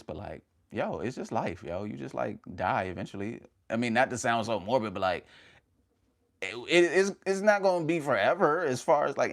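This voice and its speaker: A man hosting a casual livestream, energetic and slangy, giving motivational talk in short punchy bursts and calling his viewers fam. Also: on the low side.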